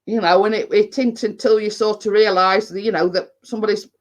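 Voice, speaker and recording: A woman's voice: medium pitch, steady tone, brisk. English woman, baking vlogger, live-stream chat, straight-talking, rambling, lots of fillers. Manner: blunt, rambling, full of "you know what I mean".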